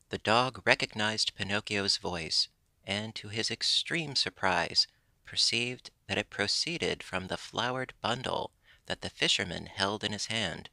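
Gravelly male storybook narrator. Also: lowish voice, measured pace, bright, forceful tone, no echo. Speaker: audiobook narrator. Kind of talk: scripted narration.

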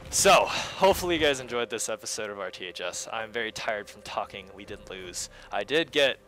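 Talking straight to his viewers as a video host, this man gives live, casual, chatty gameplay commentary, muttering asides and breaking into sudden exclamations. His voice sits on the low side with a fairly bright tone, expressive delivery, and a slightly quick pace.

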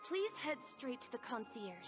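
An eager little boy bellhop in a game, courteous and helpful. His voice is high and childlike. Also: sing-song, normal speed, music in the background.

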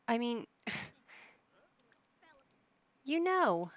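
A woman's voice: fairly high pitch, expressive, very slow, long pauses, a bit bright, no room sound. A woman giving casual gameplay commentary, chatty and coaxing, talking to her characters like a parent would. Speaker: gaming YouTuber.

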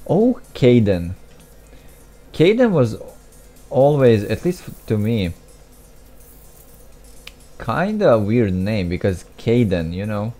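A young man mumbles through casual gameplay commentary in a fairly low, sing-song voice, taking it slowly with frequent pauses. His tone is mellow, and he keeps restarting sentences, tossing in asides and putting himself down. Faint game music plays behind him.

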